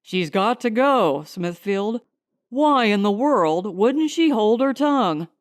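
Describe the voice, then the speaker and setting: A woman voicing a calm, polite male householder in close to her own voice. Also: mid-range voice, slow, dry recording. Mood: courteous.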